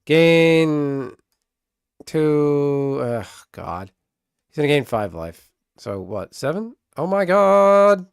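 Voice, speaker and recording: A man streaming a card game live, chatting casually with viewers, excitable and swearing freely. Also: mid-range voice, very slow, smooth, no room sound, studio quality.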